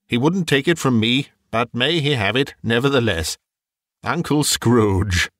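A man's voice: medium pitch, animated, a little slow, fairly bright tone, no room sound, studio quality. A man voicing a cheerful young nephew raising a festive toast in a storybook reading. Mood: jovial.

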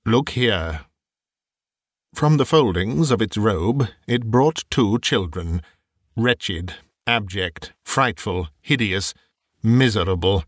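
A man narrating a classic story as an audiobook, in a measured, expressive way. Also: fairly low pitch, no room sound, studio quality.

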